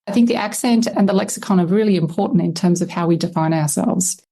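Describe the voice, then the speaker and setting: A woman's voice: fairly low pitch, fast talker, warm tone, husky. An Australian woman, a historian and lexicographer, explaining her research thoughtfully in a conversational interview, with many fillers.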